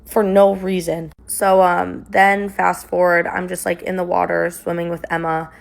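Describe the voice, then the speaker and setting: A woman's voice: on the low side, little pitch movement, moderate pace, gravelly. A young woman casually recounting a personal story, rambling with lots of "like" and "um". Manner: rambling, filler-heavy retelling with many "like" and "um".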